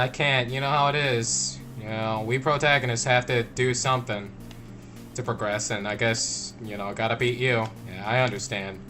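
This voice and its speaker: A man's voice: medium pitch, bright, forceful tone. A young man casually playing a game and chatting, playfully switching between made-up voices for the characters he talks to. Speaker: gameplay video host.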